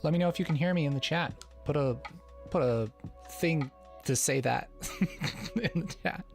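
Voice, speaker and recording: Male livestream host, playful, chuckles a lot, light voice, soft music underneath. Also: fairly high pitch, normal speed, vocal fry. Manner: playful, chuckles often, reads chat aloud. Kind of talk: casual livestream Q&A.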